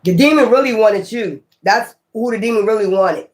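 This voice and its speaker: A man giving a casual tarot reading to his viewers, blunt and profane, talking in an animated way. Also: high voice, normal speed. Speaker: tarot reader.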